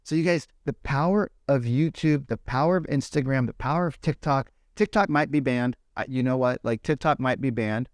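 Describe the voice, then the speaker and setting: A young man coaching real estate agents on a podcast, animated and talkative, who keeps tagging his points with "right?" and acts out quoted voices. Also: medium pitch, moderate pace, hardly any pauses, no room sound, clean studio sound. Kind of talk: energetic podcast advice talk.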